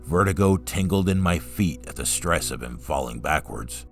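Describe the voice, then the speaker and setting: A man reading a first-person story aloud in a calm, steady narrating voice. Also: very deep voice, moderate pace, hardly any pauses, soft background music.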